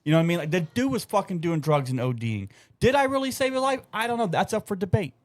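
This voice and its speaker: Slightly high, profane man telling stories. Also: big pitch swings, quick pace. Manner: loose, profane storytelling. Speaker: podcast co-host. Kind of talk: casual chat.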